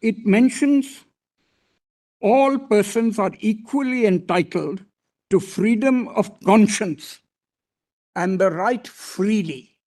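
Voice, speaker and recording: Older man, high voice, formal court argument, deferential, keeps saying my lord. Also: a little mellow. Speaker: senior advocate arguing before a court.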